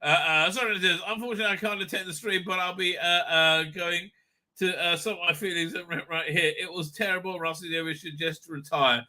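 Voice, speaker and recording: Bright-voiced man ranting on a livestream. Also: sits high, steady tone, brisk. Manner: profane, exasperated ranting; reads chat names and comments aloud. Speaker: livestream host.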